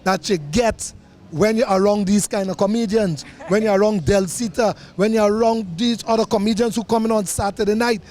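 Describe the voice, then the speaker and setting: High-voiced man, jokey and excitable, hyping an event. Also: soft background music. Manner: jokey, excitable, quick laughs. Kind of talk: excited promo chat.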